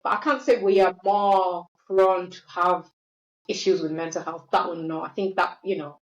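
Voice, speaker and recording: A woman's voice: fairly low pitch, steady tone, normal speed. A woman talking in a thoughtful, hesitant way in casual podcast chat. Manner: thoughtful, hesitant, with many fillers. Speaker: podcast host. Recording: echoey, dull sound.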